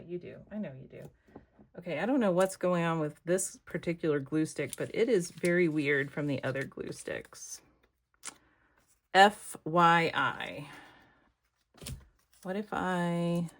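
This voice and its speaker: A woman with an American accent, chatting casually to her viewers while she makes a collage, thinking out loud as she works. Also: on the low side. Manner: chatty, thinks aloud, talks to viewers as y'all. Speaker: craft vlogger. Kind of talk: casual crafting chat to camera.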